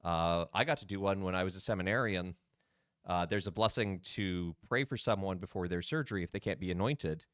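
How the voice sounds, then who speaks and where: A man's voice: low-pitched, brisk, a bit bright, no room sound, studio quality. A man, a priest, giving casual, rambling commentary while streaming a video game, with many fillers.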